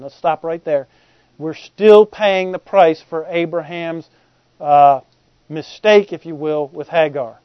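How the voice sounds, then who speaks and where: Male pastor, high voice, jokey and conversational sermon, dry and dull lo-fi recording. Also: steady tone, unhurried, dry recording. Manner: humorous, conversational, asks the congregation questions.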